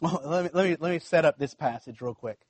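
A man, preaching with a fairly high voice. He talks conversationally, repeats phrases and checks in with the congregation. The sound is dry and close. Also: quick pace, breathy edge, no room sound. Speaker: pastor. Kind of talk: sermon.

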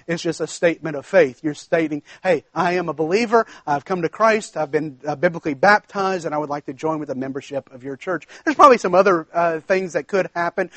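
A male pastor with a fairly high voice delivers a sermon, leaning hard on key words and drawing them out slowly. The sound is close and dry, with no room around it. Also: no echo.

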